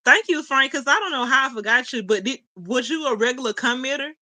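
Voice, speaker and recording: Chatty young woman livestreaming, bright voice. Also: high-pitched, animated, quick pace. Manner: chatty, laughs often, talks to chat as y'all. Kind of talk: casual livestream chat, reading comments.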